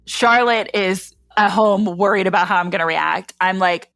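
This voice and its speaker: A woman's voice: medium pitch, moderate pace, few pauses, fairly bright tone, dry recording. A young adult woman candidly telling her own story in a chatty way, full of fillers, acting out what people said. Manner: chatty, many "like" fillers, acts out quotes.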